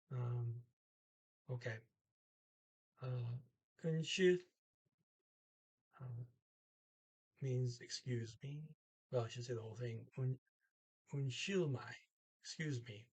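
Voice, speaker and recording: A man tutoring a language lesson in a casual, halting way, sounding out each foreign word slowly and then translating it, with frequent pauses as he thinks aloud. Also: medium pitch, expressive, husky.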